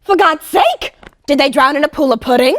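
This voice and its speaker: A woman playing a scatterbrained fake psychic who guesses hesitantly, with fillers and throat clearing, in a comedy sketch. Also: high voice, animated, fairly quick. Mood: flustered. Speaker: guest psychic.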